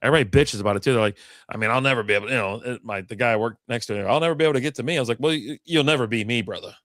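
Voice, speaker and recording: A man's voice: mid-range voice, racing, a bit bright, dry recording, studio quality. A man co-hosting a casual live-stream show, rambling through stories and swearing freely. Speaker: podcast co-host.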